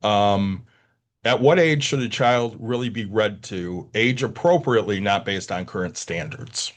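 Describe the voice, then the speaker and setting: A man's voice: on the low side, unhurried. A man hosting a podcast, reading out listener questions and teasing his co-host in a casual chat.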